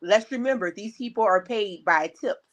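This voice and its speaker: Animated New woman telling a story. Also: medium pitch, moderate pace. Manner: animated, acts out quoted dialogue. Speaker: podcast co-host. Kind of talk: casual storytelling chat.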